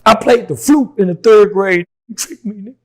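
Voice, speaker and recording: A middle-aged man telling a story as an interview guest, profane and heated, dropping to low mutters and then shouting. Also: normal speed.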